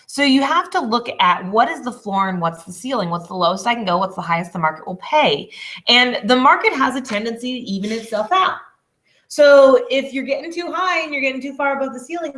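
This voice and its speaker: A woman in her twenties, a business coach teaching a casual lesson, chatty and quick to laugh. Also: fairly high pitch, fairly bright tone. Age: 20s. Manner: chatty, laughs often, apologizes.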